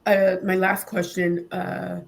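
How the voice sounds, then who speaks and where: A woman's voice: on the low side, little pitch movement, takes it slowly, gravelly. A woman hosting an interview who speaks in a heartfelt, emotional way. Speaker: interview host. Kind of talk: casual interview talk.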